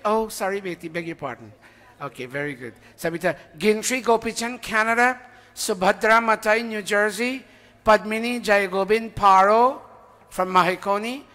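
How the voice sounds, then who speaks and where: A man's high, sharp voice echoes through a reverberant temple hall as he reads out donor names in a chatty way. These informal announcements to the congregation include moments where he stops to ask the crowd or confesses he's forgotten someone's name.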